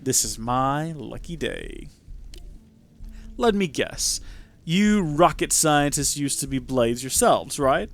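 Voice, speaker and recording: A man voicing a smug, formal young male hero of justice in a game, speaking low and haughty. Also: sing-song, slow, gravelly, soft background music, exaggerated voice.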